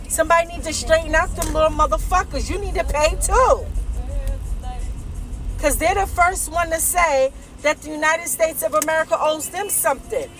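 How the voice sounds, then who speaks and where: High-voiced woman ranting profanely. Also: a bit bright, rough recording. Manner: profane, heated, lecturing, keeps tagging "okay?". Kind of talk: casual rant to camera. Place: inside a parked car.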